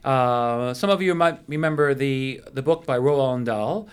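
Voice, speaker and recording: A middle-aged man hosts a local radio program from a studio. His delivery is loose and chatty, full of ums and playful asides, at an ordinary mid pitch for a man. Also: normal speed, clear, resonant tone. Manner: chatty and playful, with many fillers. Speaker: radio show host. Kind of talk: casual radio interview.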